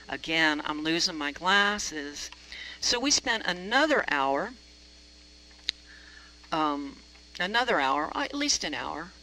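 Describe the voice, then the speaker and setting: Bright-voiced woman preacher telling stories. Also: deep voice, a little hiss or hum, poor audio. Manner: chatty, self-deprecating humor. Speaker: reverend. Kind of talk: storytelling sermon.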